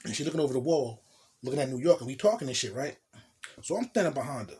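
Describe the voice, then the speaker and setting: Husky-voiced man telling a street story. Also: medium pitch, quick pace. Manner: profane, animated, street slang, acts out quotes. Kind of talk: casual storytime monologue.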